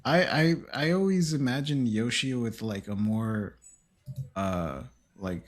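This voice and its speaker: Husky-voiced male podcast co-host. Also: mid-range voice, slow pace. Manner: playful, jokey. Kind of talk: casual chat.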